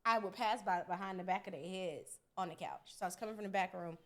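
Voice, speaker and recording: A woman's voice: medium pitch, quick pace. A young woman co-hosting a podcast, telling a childhood story in casual chat and acting out the people in it. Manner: animated, acts out voices in her stories, laughs often. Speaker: podcast co-host.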